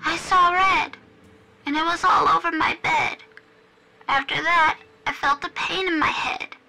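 A woman voicing a frightened three-year-old ghost girl in a horror story, speaking slowly in a small childlike voice. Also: extremely high pitch, steady tone, creaky, bright, forceful tone, full character voice, low-quality recording. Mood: scared.

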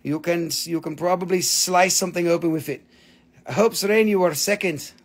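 High, gravelly-voiced excitable man. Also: normal speed. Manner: excitable, chatty, swears casually, laughs often. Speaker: crystal seller hosting a live sale. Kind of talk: live-stream sales chat. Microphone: phone.

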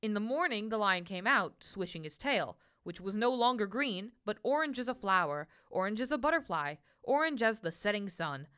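A woman reading a children's picture book aloud, with gentle, expressive storytelling. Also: mid-range voice, normal speed, hardly any pauses, smooth.

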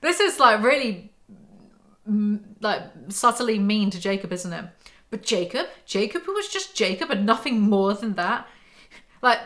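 A woman's voice: mid-range voice, animated, brisk, a bit bright. A woman recapping a book in a casual, sarcastic way, full of mocking asides. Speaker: book commentary YouTuber.

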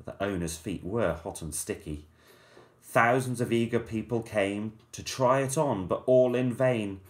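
A male teacher reading a rhyming story aloud to children in a measured, playful storyteller's manner. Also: lowish voice.

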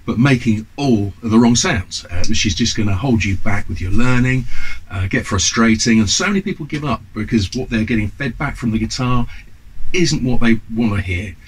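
A man's voice: fairly low pitch, expressive, normal speed, slight background noise, rough recording. A man in his fifties from the UK giving a chatty, enthusiastic guitar lesson to camera, with lots of ums and asides. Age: 50s. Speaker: guitar teacher. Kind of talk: casual instructional talk to camera.

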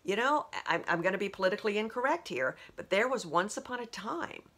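Here a podcast host in her sixties talks quickly and expressively in a mid-range, slightly bright voice. Her casual monologue wanders, peppered with laughs and side remarks.

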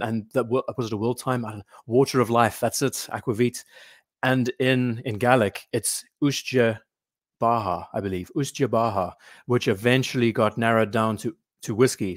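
A man's voice: medium pitch, dry recording. Man, live stream host, casual rambling chat, dry close sound. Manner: rambling, reads viewer comments aloud.

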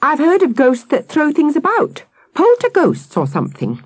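A woman voicing an excitable young girl who shrieks and insists. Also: moderate pace, breathy edge, no echo, studio quality, heavily acted. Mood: excited. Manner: shrill, insistent.

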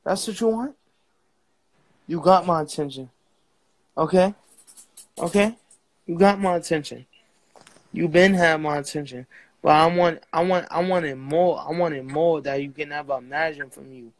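A man's voice: fairly high pitch, moderate pace, pauses often, no room sound, low-quality recording. A young man hosting a livestream, arguing heatedly and pleading, repeating himself. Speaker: livestream host. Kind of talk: livestream argument.

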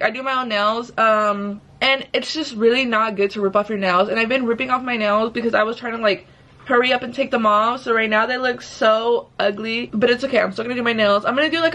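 A twenty-year-old woman chatting casually to her camera in a vlog, rambling and excitable, filling her talk with "like" and "literally.". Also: a little high, poor audio. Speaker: vlogger and nail tech. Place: at home, then in a car at a drive-thru.

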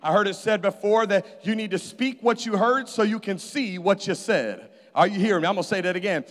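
A man's voice: high voice, moderate pace, hardly any pauses. A man preaching a sermon as pastor, calling out to his congregation for responses. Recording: hall reverb.

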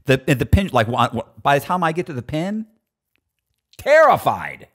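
A man's voice: fairly high pitch, moderate pace, husky. A middle-aged man casually telling prison stories, swearing freely, laughing often and acting out what others said. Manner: animated, profane, laughs often, acts out quotes. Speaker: guest storyteller. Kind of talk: casual storytelling chat.

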